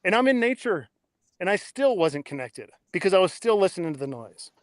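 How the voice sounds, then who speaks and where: A man in his thirties tells his story as a podcast guest, blunt and excitable, with plenty of cursing. His voice sits a little high for a man. The sound is close and dry, with no room around it. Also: brisk, no room sound. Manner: blunt, excitable, swears freely. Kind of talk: casual interview storytelling.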